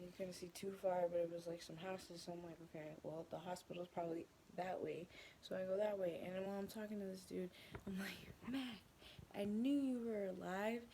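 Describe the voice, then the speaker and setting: A woman's voice: fairly low pitch, vocal fry, mellow, a little hiss or hum. A young woman chatting casually in her bedroom, telling a rambling story, swearing often and sometimes dropping into a whisper. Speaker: vlogger.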